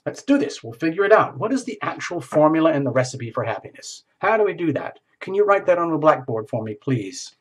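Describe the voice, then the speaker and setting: A man's voice: fairly high pitch, big pitch swings, brisk, few pauses, breathy edge. A man voicing a puzzled, earnest seeker who keeps asking how to be happy, in a stammering, questioning way. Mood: eager. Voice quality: eager, questioning, with stammering bewilderment.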